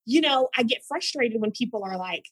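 Breathy, higher-voiced woman telling stories. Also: brisk, no echo, low-quality recording. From Tulsa, Oklahoma, US. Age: adult mother of school-age sons. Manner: animated, expressive storyteller. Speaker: podcast guest. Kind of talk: personal storytelling in a conversation.

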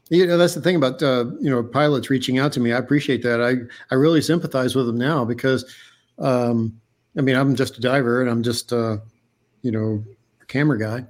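A man's voice: medium pitch, a little mellow. A man, an underwater diver and cameraman, recounting a story as a guest in a casual interview, earnest and full of restarts and fillers.

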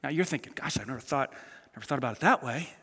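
A male pastor preaching an animated, emphatic sermon to a congregation, acting out the people he quotes. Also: medium pitch, rapid-fire, breathy edge, in a large hall. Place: church auditorium with a live congregation.

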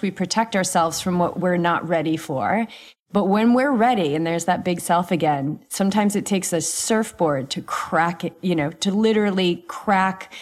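A woman hosting a conversation who reflects on her guest's story in an enthusiastic, gushing way. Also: fairly low pitch. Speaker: host. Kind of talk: conversational podcast chat.

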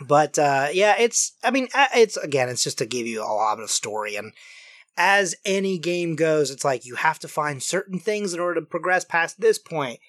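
A podcast guest chatting casually about video games in an animated, rambling way with many fillers. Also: medium pitch, moderate pace, no echo, studio quality.

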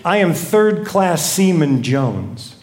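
Man voicing a steady lighthouse keeper, calm, unbudging, slow, reverberant church. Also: a little high, soft background music. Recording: echoey room.

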